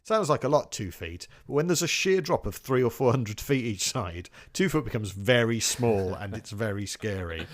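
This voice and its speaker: Man, low voice, casual podcast chat, earnest, reflective, reads quotes aloud. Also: expressive, normal speed, few pauses. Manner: earnest, reads out quotes, chuckles now and then. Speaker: podcast co-host. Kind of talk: casual chat about music history.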